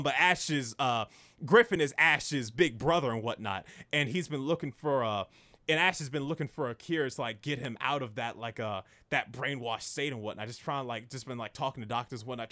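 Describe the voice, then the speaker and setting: A man's voice: mid-range voice, pushed and bright. A young man casually recapping and reviewing an anime, rambling with many fillers and restarts.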